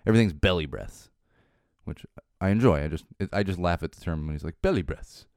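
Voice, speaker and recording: A man's voice: deep voice, a little fast, a little mellow, no room sound, clean studio sound. A man hosting a casual solo podcast, rambling with a wry tone and restarting his sentences often. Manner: rambling, wry, repeats words while restarting. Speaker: podcast host.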